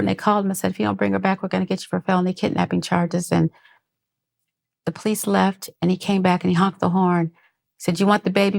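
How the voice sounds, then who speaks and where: In this personal testimony, a middle-aged woman recounts her own life as a podcast guest, her medium-pitched voice gravelly and darkish in tone. She stops and restarts sentences often and imitates the voices of the people she's quoting.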